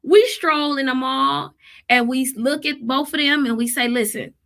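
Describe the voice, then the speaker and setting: Her voice sits high and her pace is moderate. She's a therapist and mother in her thirties who tells parenting tales in a relaxed vlog format, animated and emphatic, quoting others in spirited voices.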